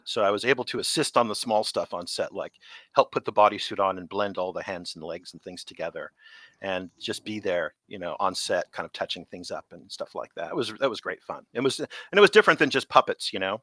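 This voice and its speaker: Middle-aged man, effects veteran guest, chatty storyteller, low bright voice, dry close mic. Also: a little fast, no room sound. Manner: animated anecdotes, laughs often, acts out quotes. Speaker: special effects artist guest. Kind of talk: casual interview storytelling.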